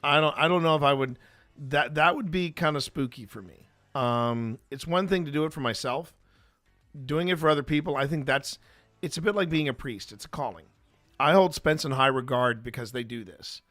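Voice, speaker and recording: A man chatting casually on a stream, his voice bright and forward. He rambles and restarts often, filling gaps with ums. The sound is close and dry, with no room around it. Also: a little high, normal speed, no room sound, soft background music. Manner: rambling, with many fillers and restarts. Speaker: streamer and co-host. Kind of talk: casual chat.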